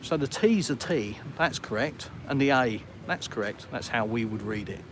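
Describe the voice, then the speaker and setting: A British man walks through town streamed to live viewers, rambling and poking fun at himself amid the traffic. His British English comes in a mid-range, animated voice at normal speed, with a little hiss or hum on the recording.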